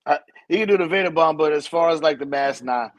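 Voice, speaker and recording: A man's voice: on the high side, fast talker, highs cut off. A man co-hosting a casual wrestling podcast, teasing and laid-back, laughing often as he chats. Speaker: podcast co-host. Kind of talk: casual wrestling recap chat.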